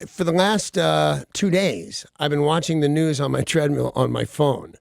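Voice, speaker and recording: A man's voice: a little high, expressive, normal speed, vocal fry, no echo. A man hosting a radio morning show, chatting casually in a rambling, self-mocking way full of restarts, on a studio microphone. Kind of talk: casual on-air banter.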